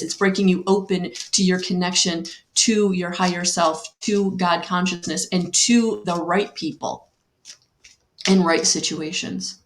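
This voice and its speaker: A woman giving a slow, soothing spiritual guidance talk on a live stream, repeating her phrases and greeting viewers by name. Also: fairly low pitch, echoey room, a little hiss or hum.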